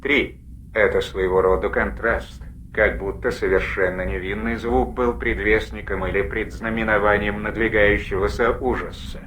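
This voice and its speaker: A man voicing a recorded log on an old audio tape, speaking in a slow, measured, grave way. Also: fairly low pitch, steady tone, a bit bright, slight background noise, lightly acted. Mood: solemn.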